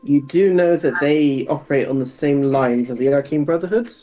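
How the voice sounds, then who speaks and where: A man's voice: on the high side, moderate pace, mellow, lo-fi sound, faint music behind. Hesitant man running a tabletop game. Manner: hesitant, frequent ums while explaining. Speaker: game master.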